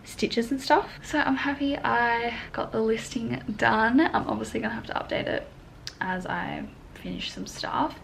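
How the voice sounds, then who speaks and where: A woman's voice: on the high side, gravelly, fairly bright tone. A woman in her twenties in a casual vlog from her bedroom, stressed and tearful, rambling anxiously with lots of fillers and swearing. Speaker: sewing pattern designer. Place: bedroom at home. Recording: echoey room with faint background noise.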